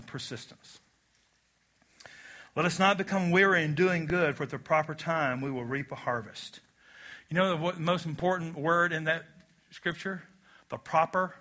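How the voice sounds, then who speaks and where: A man's voice: a little high, bright, forceful tone. A man preaching a sermon with emphatic, repeated phrases and call-and-response, ending by leading a prayer. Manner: leads a closing prayer. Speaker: pastor.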